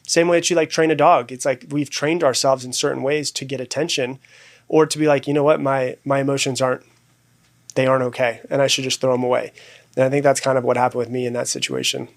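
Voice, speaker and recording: A man, a podcast guest, telling his own story candidly and reflectively, with many fillers and restarts. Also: medium pitch.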